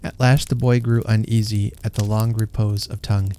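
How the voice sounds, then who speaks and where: Narrator for a classic story read aloud: man, mellow warm tone, unhurried and gentle. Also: on the low side, little pitch movement, slight background noise.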